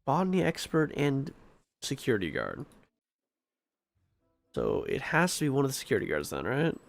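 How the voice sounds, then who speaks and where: A man's voice: medium pitch, wildly swooping pitch, normal speed, vocal fry, no room sound. A man giving casual gameplay commentary, exasperated and swearing, asking the same questions again and again. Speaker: gaming streamer.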